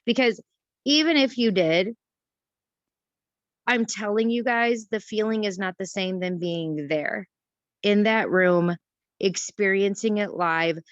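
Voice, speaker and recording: A woman's voice: medium pitch, takes it slowly, pauses often, no room sound. Chatty, self-mocking woman on a video call. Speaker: host of a morning team call. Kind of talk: casual motivational chat. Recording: dull, dry video-call audio.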